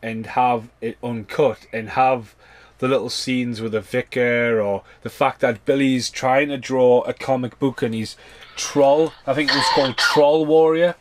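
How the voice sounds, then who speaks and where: A man talks loosely through a film commentary, chatty and casual, dropping fillers and the odd curse. His voice sits at a middle pitch. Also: steady tone, unhurried. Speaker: podcast co-host.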